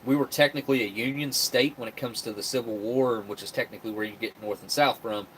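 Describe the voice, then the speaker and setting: A man's voice: medium pitch, fairly even intonation, fast talker, fairly bright tone, a little hiss or hum. A man hosting a live stream, rambling chattily and reading out viewer comments. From West Virginia. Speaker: livestream host. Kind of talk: casual live-stream chat.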